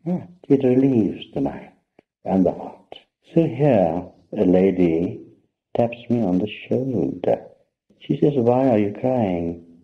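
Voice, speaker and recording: Deep-voiced older man telling a story. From India. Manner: anecdotal, conversational, addresses listeners directly. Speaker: spiritual teacher. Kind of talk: storytelling talk to an audience. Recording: muffled lo-fi talk recording.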